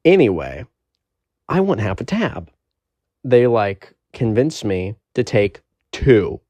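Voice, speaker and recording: Young man, low voice, dry close mic, casual storytime, rambling, profane. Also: sing-song, slow, warm tone, no room sound.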